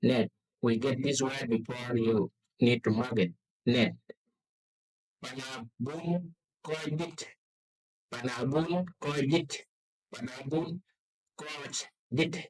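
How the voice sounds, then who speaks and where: A man teaching vocabulary slowly, repeating each word and spelling it out syllable by syllable. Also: mid-range voice, low-quality recording. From South Sudan. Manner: drawn-out, syllable-by-syllable repetition. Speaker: language teacher. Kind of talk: slow vocabulary lesson, repeating words.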